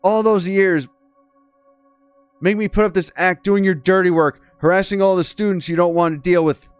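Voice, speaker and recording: Man doing a distraught young woman, game story figure, pleading and accusing, raised pitch, smooth voice. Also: fairly even intonation, normal speed, dry recording, soft background music, close to an everyday voice. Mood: anguished. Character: distraught young woman student, bitter and desperate.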